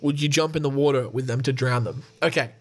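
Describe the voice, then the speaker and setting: A man's voice: mid-range voice, fairly even intonation, fast, soft background music. A man hosting a podcast, reading out quiz questions and joking through his answers. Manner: joking, reads questions aloud and answers himself. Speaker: podcast host. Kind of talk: casual chat reading a quiz.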